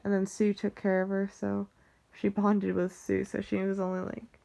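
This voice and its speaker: A young vlogger with a Western US General American accent rambles casually about her family, dropping "like" constantly and often restarting her sentences. Her mid-pitched voice is creaky yet warm, delivered completely flat at a normal speed.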